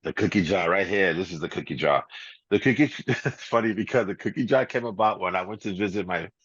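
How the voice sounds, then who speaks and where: A laid-back middle-aged man with a fairly low voice chats through an interview, chuckling and dropping easy fillers. The sound is dry and a bit dull, with no room around it. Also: fairly quick, a bit bright, breathy edge, no echo. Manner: laid-back, laughs often, many "you know" and "man" fillers. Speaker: guest DJ. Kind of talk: casual storytelling interview. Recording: slightly dull, muffled audio.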